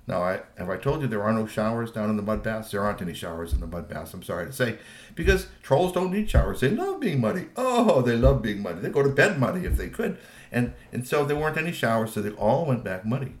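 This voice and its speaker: Animated man telling a bedtime story. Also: on the low side, fast talker. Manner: animated, meandering. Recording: echoey room.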